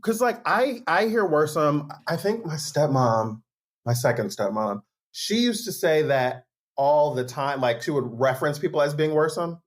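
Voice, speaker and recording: Chatty male author guest, slightly raised pitch, casual thinking-aloud delivery. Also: expressive, normal speed. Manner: talks things through, leans on "like" and "right?". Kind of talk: casual chat.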